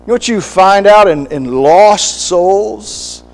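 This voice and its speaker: High-voiced, slow-talking male preacher. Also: poor audio. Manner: animated, acts out quoted voices, laughs between points. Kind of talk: sermon.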